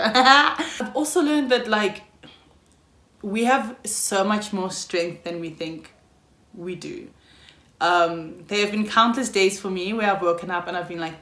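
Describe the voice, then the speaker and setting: In her candid vlog monologue, a young South African woman with a matching accent speaks openly, cursing freely and laughing a lot as a YouTuber. She has a medium pitch and a fairly bright tone, recorded in an echoey room.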